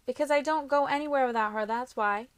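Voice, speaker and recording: A woman's voice: fairly low pitch, moderate pace, no room sound, lightly acted. A woman reading a cocky, tender young man. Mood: irritated. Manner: teasing, blunt, swears easily. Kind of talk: audiobook character reading.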